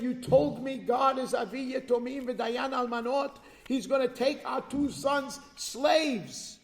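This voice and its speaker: A man giving a sermon at an organization's event, telling a religious story with animated delivery and checking in with the audience. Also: very high-pitched. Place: large hall at an event. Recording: long reverb of a large hall.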